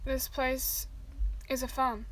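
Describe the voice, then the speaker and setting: A woman reading the part of a calm, motherly caretaker with a sweetly menacing manner. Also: high voice, slow, slight background noise, poor audio.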